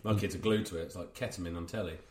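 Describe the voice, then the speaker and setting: A man's voice: sits low, fairly even intonation, very fast, darkish tone, reverberant. A man and father co-hosting a casual chat, bantering and swearing casually. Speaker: podcast co-host.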